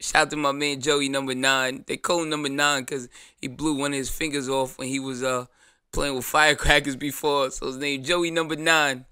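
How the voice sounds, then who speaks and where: A man's voice: medium pitch, little pitch movement, moderate pace, sharp tone, smooth, no echo, clean studio sound. A man, hosting his show in a blunt, profane, joking monologue. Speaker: show host. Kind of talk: casual monologue.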